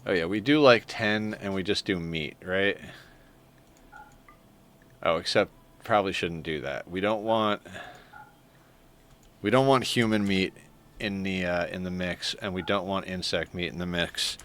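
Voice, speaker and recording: A man's voice: low-pitched, unhurried, pauses often, a bit bright, clear, resonant tone. A man chatting casually on a live game stream, rambling and easily flustered. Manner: rambling, flustered, self-deprecating. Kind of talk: casual live-stream chat while playing.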